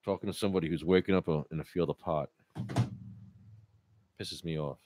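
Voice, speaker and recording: A man's voice: low-pitched, steady tone, brisk, background noise. A man co-hosting a podcast, joking in banter, incredulous and repeating lines for laughs. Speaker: podcast co-host. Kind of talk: comedic banter.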